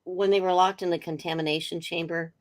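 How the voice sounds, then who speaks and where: A middle-aged woman with a lowish, brisk voice appears as a guest on a casual video-call interview. She's an animated storyteller, sharing funny anecdotes with loads of energy and frequent laughter.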